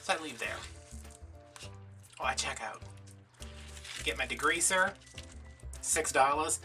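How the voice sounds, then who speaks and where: A chatty man from Louisiana tells a rambling story in a casual vlog, his voice bright and forward, with sarcastic asides. He sits back from the mic, and soft music plays behind him. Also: a little high, lively intonation, takes it slowly, recorded from a distance. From Louisiana, USA. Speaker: crafting vlogger.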